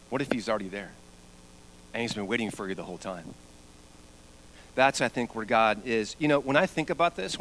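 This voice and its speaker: A man preaching a sermon, telling a story and moving between quiet, low passages and loud, high-pitched peaks. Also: slight background noise, low-quality recording. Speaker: pastor.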